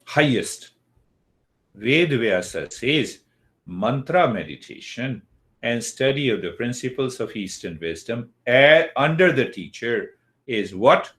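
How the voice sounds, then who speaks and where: An older man teaches a yoga philosophy lesson in a medium-pitched, fairly bright voice that is very animated. He speaks slowly and deliberately, posing questions and then answering them himself.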